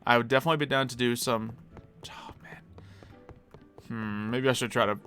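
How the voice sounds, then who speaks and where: A man's voice: medium pitch, fairly even intonation, moderate pace, fairly bright tone, soft background music. A man streaming a game live, chatting casually and answering viewers as he plays. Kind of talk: casual live-stream chat while gaming.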